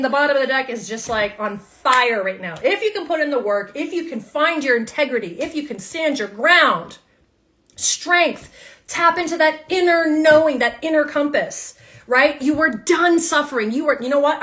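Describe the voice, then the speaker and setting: A woman's voice: sits high, fairly bright tone. A woman giving a live tarot reading to her viewers, emphatic and fired up, repeating her phrases and swearing casually. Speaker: tarot reader.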